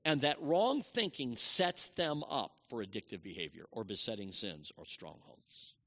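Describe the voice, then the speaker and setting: Man preaching with wide swings in pitch. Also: animated, normal speed. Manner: dynamic preaching, swinging from loud emphasis to hushed asides. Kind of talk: sermon.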